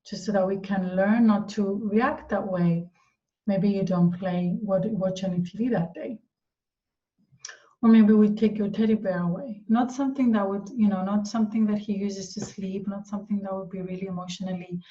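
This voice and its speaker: Woman, parenting coach, calm and gentle, mellow tone, recorded a little far from the mic, dull sound. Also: mid-range voice. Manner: calm and gentle, acting out parent-child dialogue. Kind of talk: answering a viewer question. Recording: dull, slightly distant sound.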